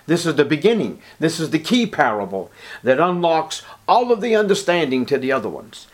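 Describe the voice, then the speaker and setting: A man's voice: a little high, big pitch swings, fairly quick. A man preaching a Bible sermon, emphatic and dramatic, sometimes dropping to a whisper. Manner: emphatic, drops to a whisper for quoted lines.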